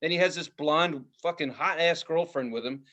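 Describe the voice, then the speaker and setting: A man's voice: fairly high pitch, normal speed, fairly bright tone, highs cut off. A rambling, profane male storyteller. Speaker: podcast co-host. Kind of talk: casual storytelling chat.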